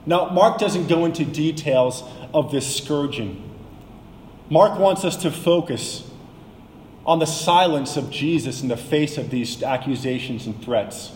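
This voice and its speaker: A man preaching a sermon, dramatic and rising to shouts when he quotes a crowd. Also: on the high side, measured pace, a little hiss or hum. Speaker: pastor. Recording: echoey hall with long reverb.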